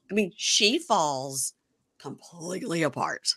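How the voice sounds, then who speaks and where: Animated woman with a bright voice. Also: fairly low pitch, moderate pace, breathy edge. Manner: animated, acts out the cast's lines in quoted voices. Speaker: podcast host. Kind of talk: casual chat recapping a reality show.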